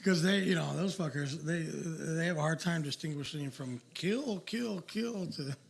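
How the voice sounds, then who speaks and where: High gravelly-voiced podcast co-host. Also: male voice, measured pace. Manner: loose, profane, laughing. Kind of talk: casual chat.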